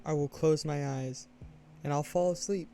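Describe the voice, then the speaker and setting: A young man co-hosting a casual podcast, speaking quietly with hesitant restarts. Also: fairly high pitch, fairly even intonation, moderate pace, vocal fry, slight background noise. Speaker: podcast co-host. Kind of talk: casual chat.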